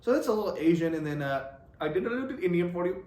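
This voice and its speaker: Young man, casual vlogger, rambling and self-interrupting, lively pitch, slightly high voice, roomy echo. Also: rapid-fire.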